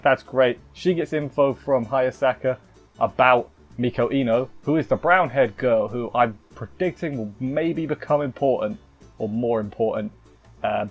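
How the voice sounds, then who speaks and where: A man's voice: medium pitch, highs cut off. A man casually reviewing an anime episode, rambling and restarting with wry asides.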